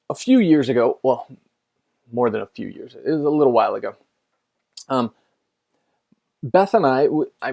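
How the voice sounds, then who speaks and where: A man's voice: medium pitch, gravelly, darkish tone. A middle-aged man, a pastor, telling a story in a casual conversational sermon, chatty with lots of fillers and restarts.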